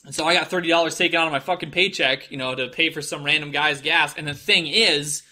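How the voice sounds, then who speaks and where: Profane rambling Midwestern man, bright voice. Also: steady tone, fast. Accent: Midwestern American. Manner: profane, rambling, mocks people in put-on high voices. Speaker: podcast host. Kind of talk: casual storytelling monologue.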